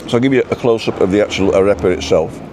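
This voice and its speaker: A man's voice: fairly low pitch, quick pace, a little mellow. A man hosting a casual live stream from an outdoor food stop. He rambles between topics and reads out the names of viewers. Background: faint traffic and building work.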